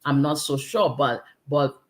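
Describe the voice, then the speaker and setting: A woman's voice: a bass voice, unhurried. A middle-aged woman hosting an online confidence challenge, giving an earnest, preachy, conversational faith-based motivational talk.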